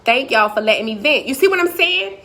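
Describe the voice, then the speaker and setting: A woman's voice: sits high, expressive, a little fast, bright, forceful tone, slight background noise. A woman motivational speaker on a live stream, talking emphatically and repetitively in a preacherly way.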